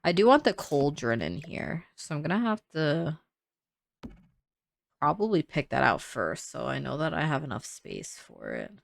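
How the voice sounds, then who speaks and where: A woman's voice: sits low, wildly swooping pitch, moderate pace, gravelly, dry recording. A young woman casually thinking aloud while she builds in a game, chatty and full of "like"s. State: sleepy, yawning. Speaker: gaming creator building in a life sim.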